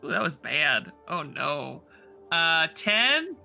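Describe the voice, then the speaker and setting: A man playing in a tabletop game, narrating his character's moves slowly with lots of fillers. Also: a little high, very animated, vocal fry, sharp tone, soft background music. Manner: slow, drawn-out narration with frequent fillers. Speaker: player. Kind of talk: describing actions in a tabletop game.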